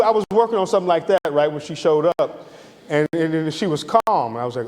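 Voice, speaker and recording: A middle-aged man from Atlanta, giving a lively, conversational storytelling lecture. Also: a little high, quick pace. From Atlanta, Georgia. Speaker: guest lecturer. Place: lecture hall. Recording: reverberant lecture hall.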